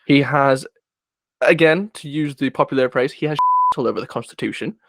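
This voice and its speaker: Rambling podcast co-host. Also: male voice, medium pitch, normal speed, gravelly, fairly bright tone, no echo. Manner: rambling, searching for words, with many restarts. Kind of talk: casual political chat.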